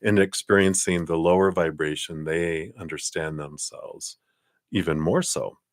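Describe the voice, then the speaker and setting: A man's voice: low-pitched, a little slow, no room sound. A man giving live-stream tarot readings, chatty and upbeat, rambling from card to card. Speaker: tarot reader.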